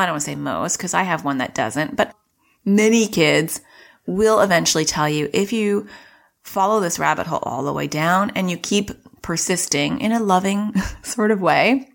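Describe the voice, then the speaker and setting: A middle-aged woman hosting a parenting podcast, explaining things in a chatty way and acting out what kids say. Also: mid-range voice. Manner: warm explaining, acts out child voices. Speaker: podcast host, parenting coach. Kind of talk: casual podcast teaching.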